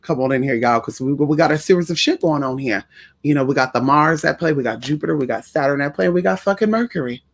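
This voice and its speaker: A man's voice: a little high, quick pace, gravelly. A man hosting a casual livestream as a spiritual reader, talking in a sassy, profane, campy way and greeting viewers by name. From Puerto Rican family in the US.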